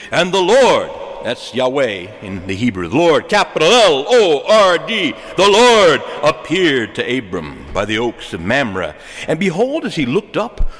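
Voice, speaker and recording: A man preaching a sermon, animated and joking, asking rhetorical questions to his listeners. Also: on the high side. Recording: long echo of a large hall.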